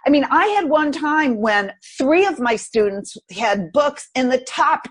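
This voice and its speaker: A woman guest on a podcast, telling a personal story in an animated, expressive way. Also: high voice, measured pace.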